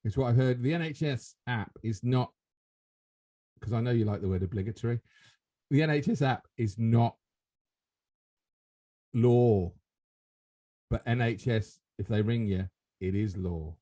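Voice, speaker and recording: A man's voice: mid-range voice, unhurried, pauses often, warm tone. A man hosting a casual comedy podcast, rambling and self-interrupting, laughing often. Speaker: podcast host.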